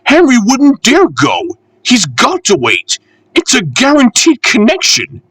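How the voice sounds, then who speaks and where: A man's voice: very high voice, huge pitch swings, unhurried, a bit bright, husky, no room sound, clean studio sound, voice pushed up, full character voice. A man voicing a bossy refreshment lady on a storybook railway, scolding in an indignant tone. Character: bossy middle-aged female refreshment seller.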